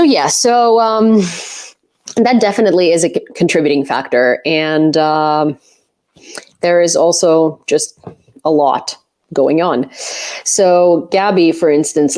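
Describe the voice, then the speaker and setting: A young woman from Ukraine hosts a casual livestream in a fairly low voice. She rambles loosely, full of "like" and "um", and laughs often between thoughts. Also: darkish tone. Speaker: host, independent reporter.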